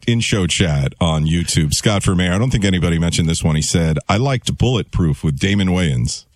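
A man's voice: deep voice, expressive, a little fast. A man on a sports radio show, upbeat as he brings callers on air. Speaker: radio co-host taking calls. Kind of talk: casual radio banter.

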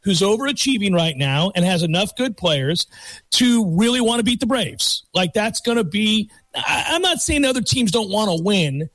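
High-voiced rambling sports radio host. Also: male voice, sing-song, normal speed, fairly bright tone, no echo. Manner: rambling, conversational with self-corrections. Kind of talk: casual sports talk. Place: radio studio.

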